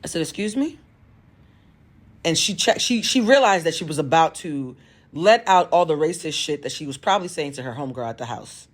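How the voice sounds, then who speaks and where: A woman's voice: sits low, animated, fast. Woman spilling a storytime, blunt and emphatic, tarot reader and coach. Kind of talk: storytime monologue.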